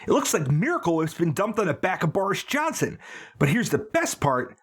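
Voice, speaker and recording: Animated man riffing on a movie podcast. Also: high-pitched, brisk, husky. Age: early 40s. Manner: spins absurd gross-out bits, pushy and animated. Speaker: podcast co-host. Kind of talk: comedic movie podcast chat.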